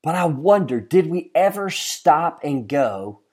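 A man preaching a sermon as a pastor, earnest, often asking the listeners questions and moving from emphatic lines to hushed ones. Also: a little high, sing-song, a little slow, slightly rough. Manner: addresses listeners directly with questions.

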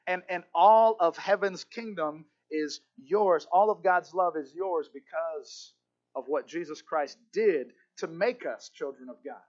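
A man's voice: on the high side, measured pace. A male pastor preaching a sermon with emphatic repetition and occasional stammered restarts. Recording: dull lo-fi recording.

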